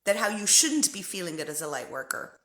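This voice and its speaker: A woman's voice: lowish voice, very animated, brisk, bright, forceful tone. Earnest woman coach in an echoey room. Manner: conversational, repeats phrases for emphasis. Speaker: spiritual life coach. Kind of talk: heartfelt motivational monologue.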